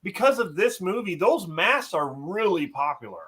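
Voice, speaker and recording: A man's voice: high voice, very animated, moderate pace, fairly bright tone. A man co-hosting a casual movie podcast, rambling and repeating himself with lots of "like". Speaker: podcast co-host.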